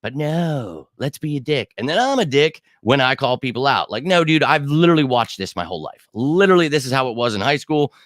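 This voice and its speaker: A man rants in a casual livestream about his football show, his voice sitting at an ordinary middle pitch. The sound is dry and close, with no room echo. He is cocky and profane, and he keeps breaking off to answer viewers' comments. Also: big pitch swings, fairly quick, hardly any pauses, a bit bright. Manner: heated, profane, swaggering; answers live chat comments. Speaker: sports show host.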